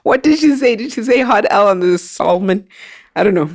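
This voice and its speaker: A woman's voice: mid-range voice, lively intonation, normal speed, a little mellow. A woman hosting a podcast, playfully prodding her guests with questions in casual chat. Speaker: podcast host.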